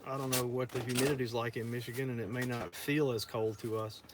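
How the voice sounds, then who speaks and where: A man's voice: medium pitch, fairly even intonation, fast talker, noisy background. Easygoing man chatting with viewers. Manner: easygoing, chats with viewers, laughs often. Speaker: farm co-host reading live comments. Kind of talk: casual chat.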